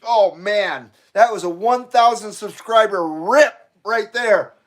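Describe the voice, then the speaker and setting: Breathless, excitable man streaming live. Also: high-pitched, takes it slowly. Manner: excitable, swears freely, laughs and coughs between lines. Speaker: channel host. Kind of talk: casual live stream chat.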